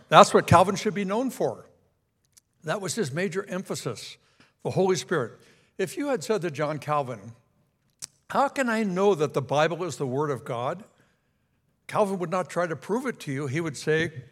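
A man teaching a Sunday school class on church history in a conversational lecture, asking the class questions and pointing out a map. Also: medium pitch.

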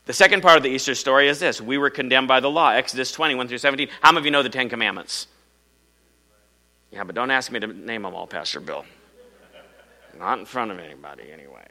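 In this low-quality recording, a middle-aged Iowa man preaches, narrating a story with dramatic flair and alternating loud emphasis with hushed, low delivery. He speaks fast.

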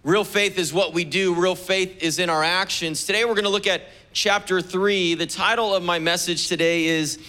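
Bright-voiced joking pastor. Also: male voice, high-pitched, moderate pace, few pauses. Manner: relaxed, joking preacher. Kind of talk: sermon. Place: church service.

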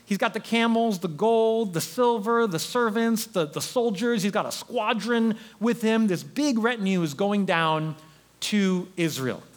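A man preaching a sermon as pastor in an animated, conversational storytelling way. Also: sits high, a little slow.

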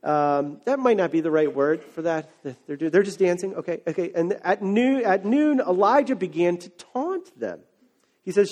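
High-voiced man preaching. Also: normal speed. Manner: conversational, animated storytelling that builds to fervent, emphatic preaching. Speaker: pastor. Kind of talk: sermon.

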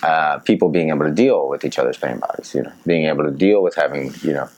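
A man appearing as a podcast guest, telling personal stories in casual conversation with animated energy and frequent laughter. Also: a bass voice, quick pace, low-quality recording.

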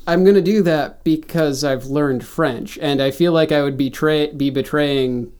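A man with a somewhat high voice takes part in a casual podcast chat. He argues his side hesitantly, stumbling and restarting as he goes. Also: a little slow, darkish tone, clear, resonant tone. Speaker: podcast co-host.

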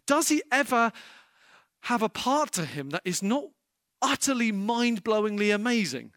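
Bright, high-voiced impassioned male preacher. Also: very animated, moderate pace, dry recording, studio quality. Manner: impassioned, rising to emphatic peaks. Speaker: pastor. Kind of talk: sermon.

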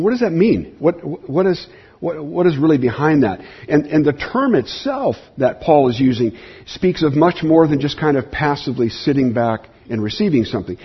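A man's voice: mid-range voice, breathy edge, lo-fi sound. A man pastor delivering a sermon, telling stories earnestly with frequent restarts.

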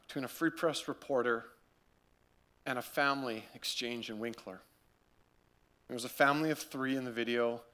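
A man preaching a sermon, earnest and repetitive, swinging between loud urging and quiet gravity. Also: mid-range voice. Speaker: pastor.

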